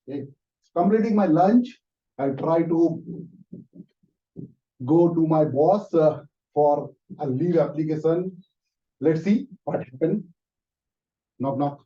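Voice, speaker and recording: A man tells a story in a prepared club speech, halting often on fillers. His voice is dark and mellow. He sounds far from the mic and muffled. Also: on the high side. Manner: halting, many fillers, acts out scenes. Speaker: club speaker. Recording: distant, muffled room recording.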